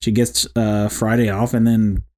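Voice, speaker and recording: A man's voice: on the low side, a little slow. A young man co-hosting a podcast, chatting easily, saying "dude" often and dropping jokey asides. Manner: relaxed, says "dude" a lot, joking asides. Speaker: podcast co-host. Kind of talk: casual chat.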